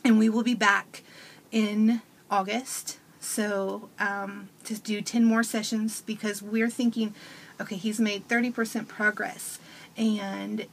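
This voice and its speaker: A woman in her thirties offers a casual parent's testimonial, telling animated stories and imitating her child's voice. Her voice sits on the high side, with a slight hiss or hum in the audio.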